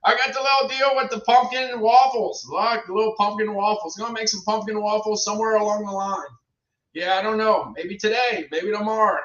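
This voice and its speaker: A man's voice: high-pitched, pushed and bright. A middle-aged man hosting a casual livestream, chatting to viewers in a rambling way and repeating his phrases. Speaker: livestream host reviewing products. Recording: roomy, distant, dull lo-fi sound.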